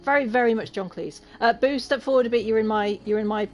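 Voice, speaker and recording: A woman's voice: on the high side, quick pace, lo-fi sound, soft background music. Chatty English woman, gaming stream. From Lincolnshire, England. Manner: chatty, laughs often. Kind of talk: casual gaming chat.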